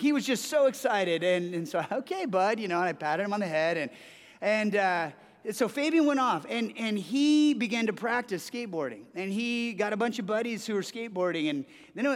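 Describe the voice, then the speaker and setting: High-voiced pastor in an echoing hall. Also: male voice, brisk. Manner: animated storytelling with frequent restarts and repeated words. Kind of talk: sermon. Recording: long hall reverb.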